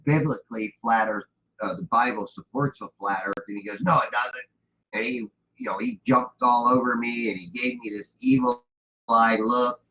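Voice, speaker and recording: A man's voice: medium pitch, bright, forceful tone. A man telling a story in a casual, rambling way, often restarting his sentences and filling gaps with ums. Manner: rambling, with frequent restarts and fillers. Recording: dull lo-fi audio with faint noise.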